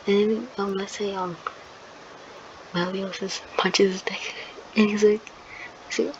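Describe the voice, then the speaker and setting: A woman's voice: mid-range voice, moderate pace, long pauses. A woman hosting her channel, improvising a fan-fiction story in a rambling, hesitant way as she searches for words. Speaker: channel host. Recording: dull lo-fi recording with steady noise.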